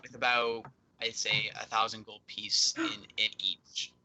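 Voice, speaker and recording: A man narrating as dungeon master of a streamed tabletop game, lively and halting with many fillers. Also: lowish voice, a little hiss or hum, low-quality recording.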